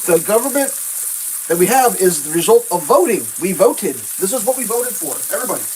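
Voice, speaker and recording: A woman hosting a casual livestream, ranting sarcastically and swearing while she cooks, jumping into high mocking voices. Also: sing-song, fairly quick, a little mellow, a little hiss or hum, low-quality recording. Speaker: livestream host. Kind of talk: casual political rant while cooking.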